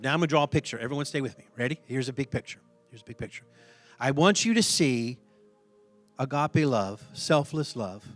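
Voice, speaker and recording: A middle-aged pastor delivers a sermon in a lively, conversational style, laughing frequently and repeating himself for emphasis. His voice sits slightly high.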